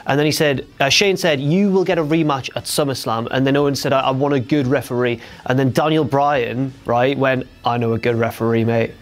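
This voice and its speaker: A young man, chatting casually as host of a wrestling recap, jokey and quick to slip into silly impressions. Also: mid-range voice, steady tone.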